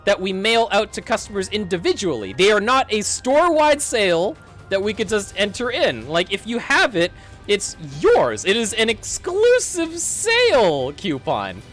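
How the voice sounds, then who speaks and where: With soft music behind him, a high-voiced man at normal speed rants casually through a story from his retail job as a streamer. He's animated, acting out the dialogue, swearing and laughing as he goes.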